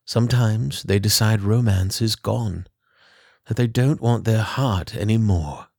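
A man reading a storybook, voicing a sorrowful hooded boogeyman who weeps as he talks, in a slow, mournful way. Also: on the low side, vocal fry, a little mellow, husky, no echo, studio quality, heavily acted.

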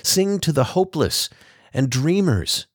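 A man's voice: medium pitch, animated, slow, no echo, clean studio sound. A man reading a storybook, raising his voice to play a determined young sister who speaks in a firm, urging way.

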